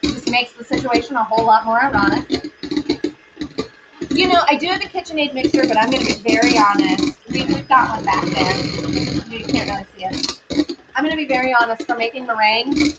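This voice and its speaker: Woman doing a laid back baking stream, kinda high voice, muffled lo-fi audio with hiss. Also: a little fast. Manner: chatty, rambling, talks to viewers and pets. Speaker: baking show host. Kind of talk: casual livestream chat while baking. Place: home kitchen.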